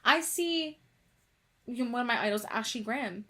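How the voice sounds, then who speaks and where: A woman's voice: on the high side, lively intonation, normal speed, fairly bright tone. A young woman co-hosting a podcast in casual chat, emphatic and repeating words as she talks. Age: young adult. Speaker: podcast co-host.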